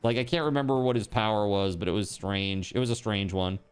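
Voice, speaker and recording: A man's voice: on the low side, brisk, clear, resonant tone, faint music behind. A man streaming a game, chatting casually in a rambling, joking way, swearing now and then and packing his talk with fillers.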